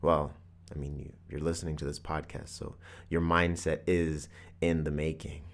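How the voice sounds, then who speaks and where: A man's voice: a bass voice, little pitch movement, moderate pace, gravelly. A man hosting a podcast, telling a personal story in an earnest, reflective motivational monologue. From Canada. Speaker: podcast host.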